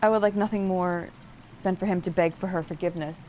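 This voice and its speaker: A woman with a fairly low voice talks through a game as a streamer. She rambles and restarts, piling on fillers as she explains what the story means. Faint noise sits under her voice. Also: steady tone, fast, a little mellow, highs cut off. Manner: explains and interprets game dialogue aloud. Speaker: let's play streamer. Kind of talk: casual gameplay commentary.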